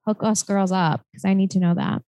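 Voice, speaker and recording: A woman's voice: mid-range voice, a little fast, dark tone, no echo, low-quality recording. A young woman co-hosting a podcast, chatting casually and loosely with lots of filler words. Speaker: podcast co-host. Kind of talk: casual chat.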